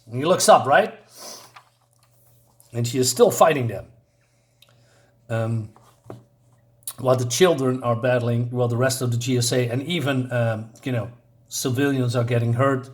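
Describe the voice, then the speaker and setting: A man's voice: mid-range voice, moderate pace, long pauses. A man reviewing a comic book, recapping the plot in a rambling, casual way and reading character lines aloud.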